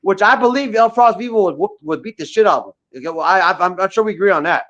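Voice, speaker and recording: Profane ranting man, high voice. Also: animated, fast talker, a bit bright. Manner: profane, repetitive, combative. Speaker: guest rapper. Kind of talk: livestream rant. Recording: dull lo-fi audio.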